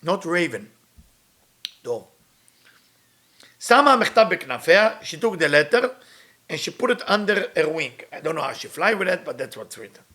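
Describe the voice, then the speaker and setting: Fast-talking man teaching. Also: on the high side, sing-song, bright, forceful tone. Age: middle-aged. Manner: reads Hebrew text quickly, then retells it in English. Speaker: Kabbalah teacher. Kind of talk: storytelling lesson with translation.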